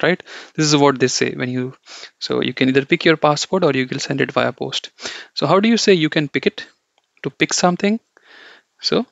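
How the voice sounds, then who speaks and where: A man with a medium-pitched, slightly bright voice and vocal fry teaches an online German lesson, explaining step by step. He keeps checking in with "okay" and "you know," and the recording is dull, lo-fi, and dry with no echo.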